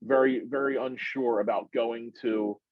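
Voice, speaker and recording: A middle-aged man spins a rambling story in casual podcast chat, his voice climbing high when he gets excited. The sound is muffled and dull, with a dry, close feel and no room around it. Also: a little slow, no echo. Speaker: podcast guest.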